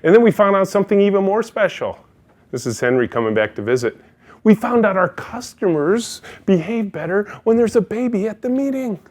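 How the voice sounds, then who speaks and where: A middle-aged man delivers a keynote talk, with his voice swooping high and low as he tells stories. He speaks with energy and acts out each quote in his anecdotes. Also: fairly quick. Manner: energetic, animated storyteller who acts out quotes. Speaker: company CEO giving a talk.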